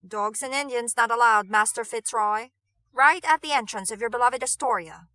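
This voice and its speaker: A woman's voice: a little high, normal speed, pushed and bright, no echo. A woman voicing a sardonic young man who speaks in a cutting, sarcastic way.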